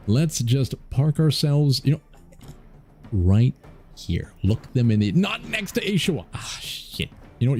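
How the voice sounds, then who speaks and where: A man's voice: medium pitch, creaky, mellow. A man streaming a strategy game, joking playfully and laughing often as he comments on his moves. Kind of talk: casual let's-play commentary.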